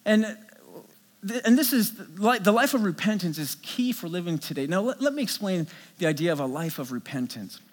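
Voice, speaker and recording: A middle-aged male pastor preaches in a high, lively voice, telling a story and stumbling over restarts as he builds it up. His words ring out with a long reverb from a large hall. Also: fairly quick. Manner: storytelling, animated, many restarts. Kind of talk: sermon.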